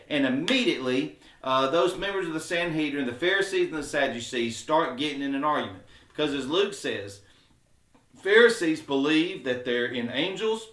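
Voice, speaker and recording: A man's voice: fairly high pitch, animated, moderate pace, a bit bright. Man teaching a Bible lesson in a roomy room. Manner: informal, explains aloud with many fillers; acts out quoted speech with sarcasm. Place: church classroom. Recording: roomy echo.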